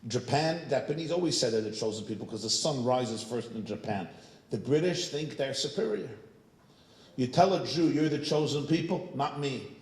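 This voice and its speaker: A man's voice: medium pitch, expressive, moderate pace, echoey room. A man preaching as a rabbi in a synagogue, telling humorous anecdotes. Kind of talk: sermon with storytelling.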